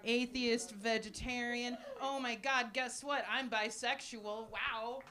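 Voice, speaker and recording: A woman in her forties doing a live stand-up set with crowd work, deadpan and self-deprecating, with lots of ums and little laughs. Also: fairly high pitch, takes it slowly. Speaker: stand-up comedian. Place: small cafe stage with live audience. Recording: noisy live cafe recording.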